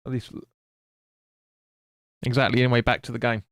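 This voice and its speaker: Calling a football match live on stream, a man chats with viewers and reads their messages, replying bluntly with plenty of swearing. His voice is medium-pitched, level, gravelly and a bit bright, at a moderate pace, with clean studio sound and no room sound.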